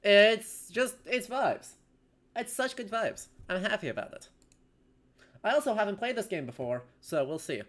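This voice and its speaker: A chatty streamer rambling through a new game, easygoing and quick to poke fun at themselves. The talk wanders and stays relaxed, full of little asides. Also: mid-range voice. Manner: chatty, rambling, self-deprecating. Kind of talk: casual game stream commentary.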